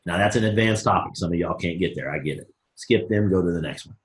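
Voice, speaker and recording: On a live motivational call for his network marketing team, a low-pitched man talks quickly and cheerfully. His folksy, energetic style includes performing both sides of pretend exchanges, and the room adds noticeable echo.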